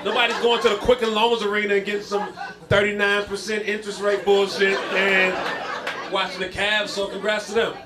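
A high-pitched man performs stand-up in a comedy club, speaking fairly quickly as he spins stories built on punchy, repeated lines. Background noise and a laughing crowd fill the live recording.

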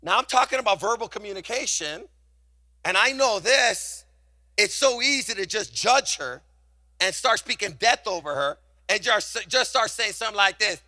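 A man's voice: sits high, animated, moderate pace, bright, forceful tone. A middle-aged male pastor preaching a sermon with passion, calling on the congregation to repeat after him. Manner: passionate, call-and-response preaching.

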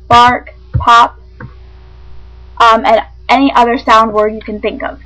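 A woman with a fairly high voice reads out a literature lesson. Her delivery is measured and clear, like a classroom explanation, and she stumbles over a word now and then. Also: fairly bright tone, low-quality recording. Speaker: teacher. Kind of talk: reading a lesson script aloud.

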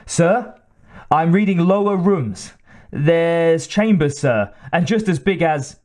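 A man's voice: on the high side, takes it slowly, darkish tone, voice pushed up. A man voicing a young soldier dutifully reporting sensor readings.

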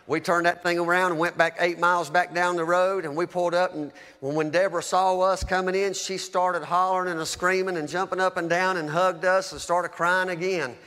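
A man's voice: sits high, little pitch movement, fairly quick, hardly any pauses, bright, forceful tone, in a large hall. A man preaching, telling a heartfelt story as testimony, with a fervent, emotional delivery. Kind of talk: sermon testimony.

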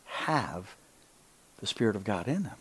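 A man teaching on scripture in an animated preaching style. He talks emphatically, often asks his listeners whether they see his point, and drops to a hushed voice to stress a line. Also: lowish voice, a little slow, breathy edge. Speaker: Bible teacher.

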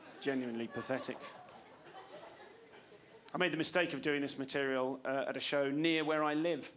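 A man's voice: fairly high pitch, steady tone, fairly quick, fairly bright tone, some chatter behind, a little hiss or hum. A man in his forties doing a stand-up comedy set on a club stage, wry and self-mocking, talking back to the audience. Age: 40s.

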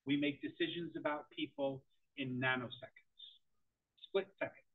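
A middle-aged man giving an interactive presentation to parents, animated and quizzing his audience. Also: a little high, normal speed. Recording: tinny phone-like audio.

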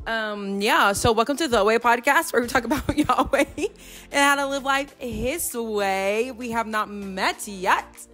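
A woman's voice: on the high side, unhurried, fairly bright tone. A young woman, hosting a casual faith podcast and chatting in a scattered way, recorded on her phone microphone. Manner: chatty and scattered, says y'all a lot. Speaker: podcast host. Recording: phone mic with faint music behind.

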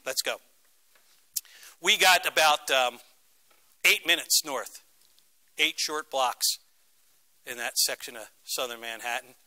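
A man's voice: medium pitch, measured pace, long pauses, bright, forceful tone. A middle-aged man from Philadelphia, speaking as a guest lecturer to students and telling a story with dramatic emphasis. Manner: dramatic, acts out quoted voices. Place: university lecture room.

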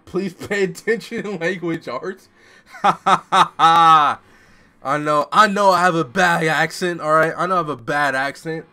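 Chill guy streaming a game, slow bright voice, lotta slang and jokes. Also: fairly high pitch. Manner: joking, self-mocking, street slang. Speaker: gaming streamer. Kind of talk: live game stream commentary.

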